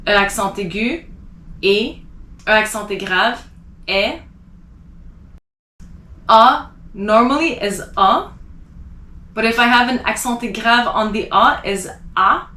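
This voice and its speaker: A woman with a fairly high, bright, clear voice, giving a patient beginner lesson. She explains each point step by step and says example words twice so the sound comes across. The recording has a noticeable echo from the room. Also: expressive. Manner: explains slowly, repeats words to demonstrate pronunciation. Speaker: French teacher. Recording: echoey room.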